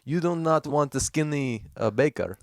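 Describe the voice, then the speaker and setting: A man's voice: on the high side, normal speed, creaky, no echo, clean studio sound. A man playing a prim, formal character in an improvised comedy sketch, speaking in stilted, hesitant phrases. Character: prim reformed man with a stiff foreign-sounding formality.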